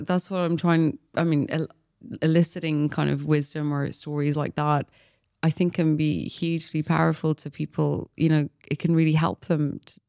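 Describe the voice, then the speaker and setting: A man's voice: fairly high pitch, vocal fry, darkish tone, smooth, no echo, studio quality. Reflective man hosting a podcast. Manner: reflective, searching for words. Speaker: podcast host. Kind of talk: casual interview.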